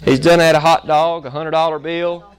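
A man preaching a sermon, telling a folksy story and acting out its scenes with lively energy. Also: fairly high pitch, normal speed. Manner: animated, folksy, acts out the story.

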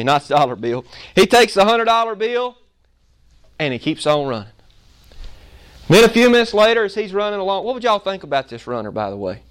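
A man preaching a sermon, telling a folksy story and acting out its scenes with lively energy. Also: high-pitched, clear, resonant tone. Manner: animated, folksy, acts out the story.

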